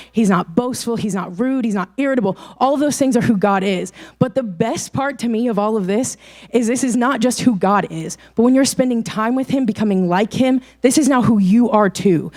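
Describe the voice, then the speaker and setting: A woman's voice: fairly high pitch, darkish tone. Chatty young woman preaching. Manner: chatty and informal, laughs often. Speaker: youth ministry speaker. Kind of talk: casual youth sermon.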